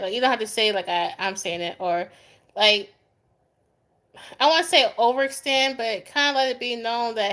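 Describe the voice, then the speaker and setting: A woman's voice: high-pitched, a little slow, a bit bright. A young adult woman doing a live tarot reading, chatting with viewers by name in a goofy, easygoing way and laughing often. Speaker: tarot reader.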